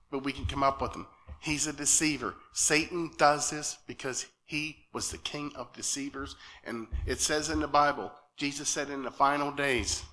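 Male lay preacher, nervous and earnest, bright tense tone, halting delivery with frequent check-ins. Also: medium pitch. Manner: earnest and halting, often asks "okay?". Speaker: lay speaker at church. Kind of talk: sermon. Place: church sanctuary.

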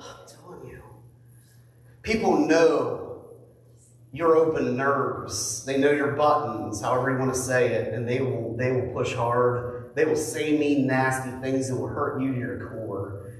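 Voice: medium pitch, unhurried, very echoey, in a large hall, distant mic, a little hiss or hum, rough recording. A pastor preaching a conversational sermon who acts out quoted voices with mock outrage.

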